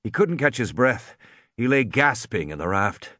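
A man narrating a story aloud, expressive, doing voices for the characters. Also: medium pitch, normal speed, dry recording, studio quality. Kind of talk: audiobook reading.

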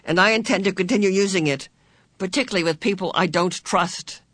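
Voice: mid-range voice, fairly quick, a bit bright, no room sound, pitched above the performer's own voice, lightly acted. A narrator voicing a precocious little boy who talks in an earnest, proclaiming way. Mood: defiant. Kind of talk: audiobook character voice.

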